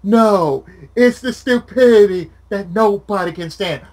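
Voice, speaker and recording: A man's voice: high voice, unhurried. A man chatting casually with a friend, ranting with lots of swearing. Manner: profane, ranting, animated. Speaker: channel host.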